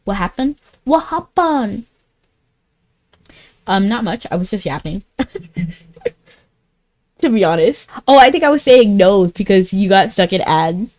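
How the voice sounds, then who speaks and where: A woman's voice: medium pitch, expressive, normal speed, long pauses, a little mellow, low-quality recording. A woman streaming a game, chatting casually and giggling as she answers her chat. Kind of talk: casual live-stream chat while gaming.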